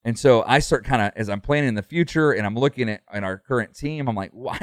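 A man's voice: medium pitch, fast, no room sound, clean studio sound. A middle-aged man, a pastor, talking earnestly in a casual podcast conversation, full of fillers and restarts.

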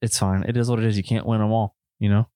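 A man's voice: fairly low pitch, flat delivery, fast talker, warm tone, clean tone, no room sound, studio quality. A man with a country Southern US accent co-hosting a film podcast in easy, rambling casual chat. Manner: laid-back, rambling, says bro and man. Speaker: podcast co-host.

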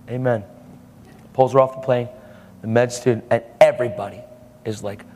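A man's voice: medium pitch, normal speed, long pauses, big-room sound, background noise. A man preaching a sermon, telling a story and acting out the lines of the people in it.

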